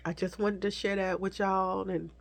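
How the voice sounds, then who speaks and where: A woman shares a personal storytime with her viewers, her voice tearful and unsteady. She speaks softly and haltingly at a middle pitch, often slipping into a whisper and calling the audience y'all. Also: flat delivery, gravelly. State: tearful, crying at times. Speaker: vlogger.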